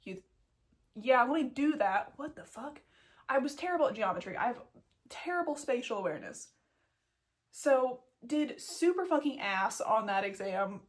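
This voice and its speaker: A woman's voice: a little high, lively intonation, normal speed. A young woman telling a story as a vet student in a casual vlog, blunt, self-mocking and full of swearing. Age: young adult.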